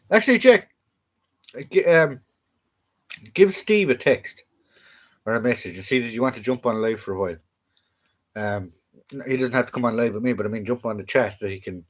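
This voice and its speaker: A man's voice: on the low side, steady tone, fast. Easygoing Irish man hosting a live chat. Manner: rambling, easygoing, many fillers and restarts. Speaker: livestream host. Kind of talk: casual live-stream chat with viewers.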